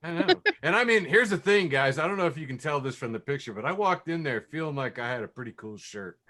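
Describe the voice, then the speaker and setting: A man co-hosting a podcast in a casual chat, animated and laughing often, poking fun at himself. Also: a little high, fast talker. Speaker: podcast co-host. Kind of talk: casual chat, describing memes.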